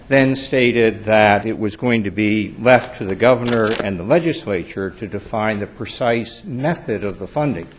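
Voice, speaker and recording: A man speaking as an attorney in court, giving a measured, deferential formal legal argument. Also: on the low side, breathy edge. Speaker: attorney arguing before an appeals court.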